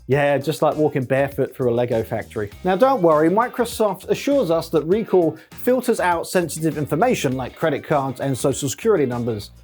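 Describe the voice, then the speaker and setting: A man's voice: on the high side, animated, fairly quick, few pauses, darkish tone, husky, soft background music. A man hosting a satirical comedy tech news show, talking sarcastically and mocking his subject. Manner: sarcastic, mocking, with many put-on silly voices.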